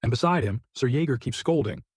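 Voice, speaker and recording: A man voicing a weary, modest young male vassal who answers in a flat, listless way. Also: mid-range voice, a little fast, husky, no echo, clean studio sound.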